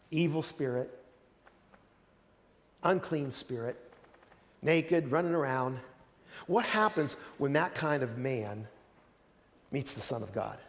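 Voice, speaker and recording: A man's voice: a little high, long reverb tail. A man preaching a sermon as pastor, earnest, often repeating words as he starts a sentence.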